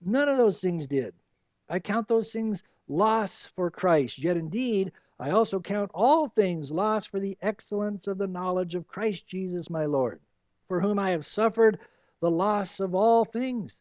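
A man pastor preaching an expository sermon, animated, with rhetorical questions. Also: sits high, a little slow, no room sound.

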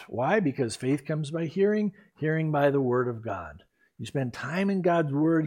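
A pastor preaching a sermon in an earnest, exhorting, emphatic way. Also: male voice, on the high side, a little mellow.

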